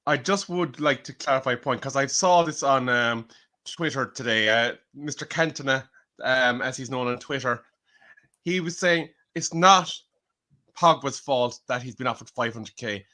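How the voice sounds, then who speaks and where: A man with an Irish accent speaks on a casual livestream panel in a medium-pitched voice. His tone is bright and forceful, and he argues his point emphatically. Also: moderate pace.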